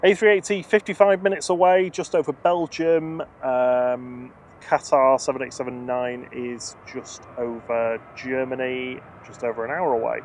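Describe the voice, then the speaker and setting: A man's voice: medium pitch, little pitch movement, measured pace, few pauses, slight background noise. Man giving casual live commentary. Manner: reads out flight numbers and registrations matter-of-factly; chats and reads viewer comments aloud. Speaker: live stream host.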